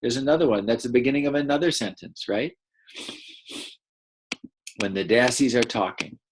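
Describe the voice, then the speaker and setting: A man's voice: mid-range voice, moderate pace, noisy background. A man teaching first graders a read-aloud lesson, patiently explaining and asking the children questions.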